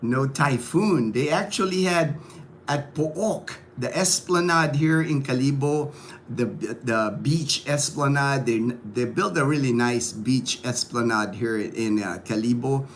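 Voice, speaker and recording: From his home in a provincial town, a man hosts a casual morning livestream in a mid-range voice, speaking a little slowly over a slight hiss or hum. Upbeat and chatty, he greets viewers by name between his stories.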